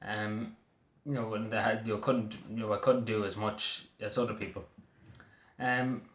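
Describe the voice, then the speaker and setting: A young man with an Irish accent talks to camera in a casual, halting way, stopping and restarting often. His voice sits low, and the recording carries a roomy echo. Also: little pitch movement. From Ireland. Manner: halting, full of fillers and restarts. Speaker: vlogger. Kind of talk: casual personal talk to camera. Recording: echoey room.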